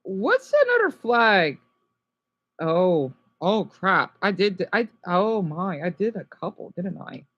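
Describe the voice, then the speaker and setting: A woman giving casual, rambling commentary while playing a video game, talking excitedly to her viewers. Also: mid-range voice, slow pace, muffled recording. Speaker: gameplay commentator.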